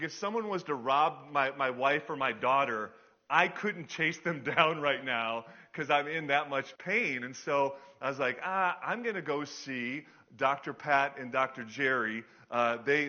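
A man's voice: medium pitch, sharp tone. A middle-aged man preaching a sermon, telling a story in a chatty, self-deprecating way with many fillers. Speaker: pastor. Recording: dull lo-fi sound.

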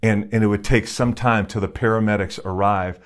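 A pastor preaching a sermon in a conversational storytelling way, with many fillers and restarts. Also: male voice, fairly even intonation, fairly quick, clean tone. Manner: acts out quoted voices in a raised pitch.

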